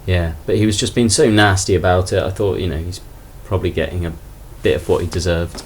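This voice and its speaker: A man casually chatting through a haul of toy finds in a relaxed, rambling way. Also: deep voice, brisk, slight background noise. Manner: relaxed, rambling, self-deprecating. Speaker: toy collector vlogger. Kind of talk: casual haul video chat.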